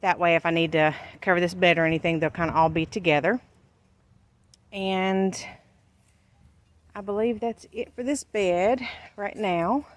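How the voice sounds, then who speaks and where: A homestead gardening vlogger walks her viewers through her vegetable garden outdoors, filming on a handheld camera and pointing things out in a chatty, folksy way. Her voice is fairly low and steady, a little slow, with frequent pauses and no echo.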